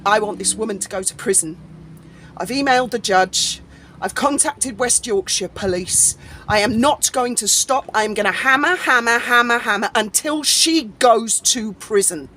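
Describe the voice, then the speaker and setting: A woman's voice: on the high side, moderate pace, sharp tone. A woman vlogging an angry, sarcastic rant, swearing freely and mocking people in an indignant tone. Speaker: YouTube commentator. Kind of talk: angry ranting vlog.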